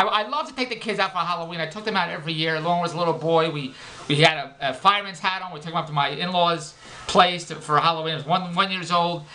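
Middle-aged man, bright-voiced joke-teller, loose and rambling, laughs at his own gags. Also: high voice, a little hiss or hum. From Philadelphia, United States. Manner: joke-telling, rambling, self-interrupting, laughs at himself. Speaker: vlogger and comedian. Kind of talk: rambling comedic vlog monologue.

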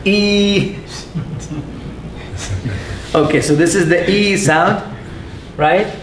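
A man teaching a class, patiently repeating sounds slowly and putting questions to his students. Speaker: Arabic teacher. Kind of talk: classroom lesson. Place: mosque classroom. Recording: echoey room with faint rumble.

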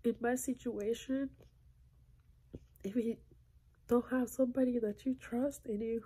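A woman crying softly into her phone indoors at night, speaking in a slow, halting way and often dropping to a whisper. Her voice is husky and mellow, thick with tears. It sounds close and intimate. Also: on the high side, fairly even intonation. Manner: halting, soft-spoken, slipping into whispers. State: tearful, crying. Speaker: vlogger. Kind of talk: emotional confessional vlog. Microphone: phone held close.

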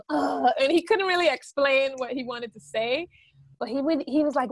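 A woman's voice: high voice, moderate pace, a bit bright, no echo. A woman with a Guyanese accent speaks in a slightly raised register, sharing her own experience in a candid, reflective way. The recording is dry, with no room sound. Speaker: guest songwriter. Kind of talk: podcast interview.

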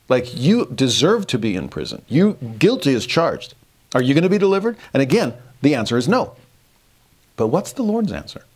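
Earnest man teaching scripture. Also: mid-range voice. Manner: earnest, storytelling, shifts between hushed and animated. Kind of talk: devotional lesson.

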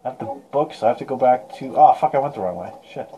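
A man's voice: medium pitch, animated, fast talker, mellow. A man playing a video game live, joking, swearing and talking to himself as he plays. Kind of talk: casual gameplay chat. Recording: dull lo-fi sound with faint noise.

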